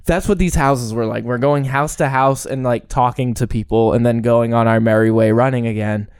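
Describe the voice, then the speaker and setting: A man's voice: medium pitch, fairly even intonation, normal speed, a little mellow, smooth, dry recording, clean studio sound. A young man hosting a casual podcast, joking and telling a long story with frequent laughs. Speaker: podcast host.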